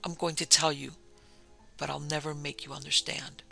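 A man voicing an ailing, frightened country gentleman who speaks low, hoarse and tense. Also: flat delivery, moderate pace, soft background music, exaggerated voice. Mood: tense, fearful.

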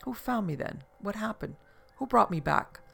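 Storybook role: narrator doing an eager, shaken woman patient, slightly raised pitch, gravelly. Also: animated, moderate pace, bright, forceful tone, soft background music, exaggerated voice. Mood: anxious. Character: anxious, newly sighted woman patient.

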